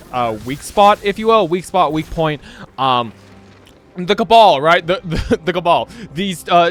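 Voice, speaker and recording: A man's voice: high voice, fairly bright tone. A young man rambling through casual gameplay commentary, laughing often and tossing in slang and "right?" as he talks. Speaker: gaming YouTuber.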